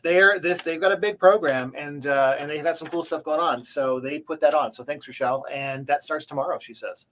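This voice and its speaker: A man co-hosting a local morning show, chatting casually and tossing in quick jokes. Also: fairly high pitch, fairly bright tone, low-quality recording. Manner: quick, joking interjections. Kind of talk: casual radio chat.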